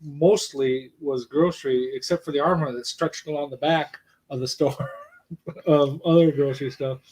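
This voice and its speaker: A man's voice: a little high, fairly even intonation, normal speed, darkish tone, rough recording. A man in a casual chat who backs up his wife with short agreeing replies and finishes her sentences. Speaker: co-host of a couple's channel.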